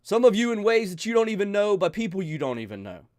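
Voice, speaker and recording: An emotional man speaks straight to his viewers, pleading with them and pausing to sigh as he goes. His voice sits a little high, and his pitch rises and falls a lot between soft moments and urgent ones. The sound is close and dry, with no room around it. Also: very animated, no echo. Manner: emotional, pleading, with sighs and pauses. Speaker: channel host. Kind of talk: earnest heartfelt talk to viewers.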